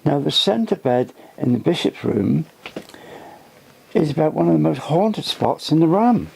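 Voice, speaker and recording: An older inn owner giving a rambling tour, tired and halting, often restarting his sentences. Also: fairly high pitch, sing-song, vocal fry, a little mellow, breathy edge. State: tired, voice fading. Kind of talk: rambling casual talk. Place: old inn, indoors.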